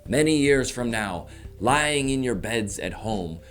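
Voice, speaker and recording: A comedian putting on a stirring warrior leader's battle speech, slow and swelling, without managing an accent. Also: male voice, mid-range voice, expressive, a bit bright, soft background music. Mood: rousing. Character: rousing warrior leader, grown man, stirring.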